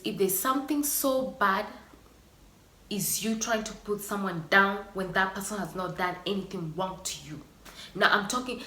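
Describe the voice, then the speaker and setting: An earnest, emotional woman vlogging straight to her viewers, with sighs between her thoughts. Her voice is bright and forceful and rings in an echoey room. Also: medium pitch. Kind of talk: personal vlog monologue.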